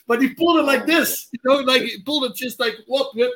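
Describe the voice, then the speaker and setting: A man telling a quick story in casual chat, laughing and acting out quoted lines. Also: very high-pitched, sharp tone.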